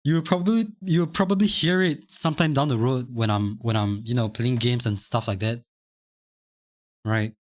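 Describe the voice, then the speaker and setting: This dry recording catches a young Singaporean man chatting casually on a live stream at medium pitch and moderate pace. He reads chat aloud in a light Singaporean English accent, rambling and often restarting or repeating words.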